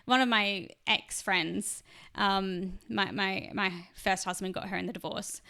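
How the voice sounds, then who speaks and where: An Australian woman chatting on a podcast, telling personal stories in a chatty, animated way. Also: mid-range voice, unhurried, creaky. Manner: chatty storytelling, animated when quoting others. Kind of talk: casual podcast chat.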